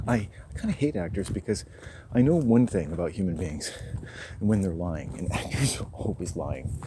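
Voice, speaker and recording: A man with a lowish voice rambles through a loose, unscripted monologue while walking outdoors. He drifts from thought to thought, laughs between phrases and swears freely. Clear outdoor noise runs under the phone recording. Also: lively intonation, normal speed. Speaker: vlogger. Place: outdoors, woods.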